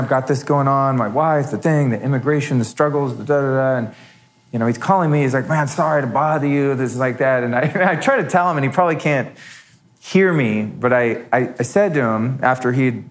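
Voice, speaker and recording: Candid man telling a story live. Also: medium pitch. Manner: candid, storytelling, acts out quoted voices. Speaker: podcast host. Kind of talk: live talk to an audience.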